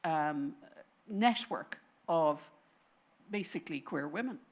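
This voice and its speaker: A woman speaking on a panel, telling a history as a story in an animated, thinking-aloud way. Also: low voice, takes it slowly. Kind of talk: conversational panel talk. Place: lecture panel before an audience.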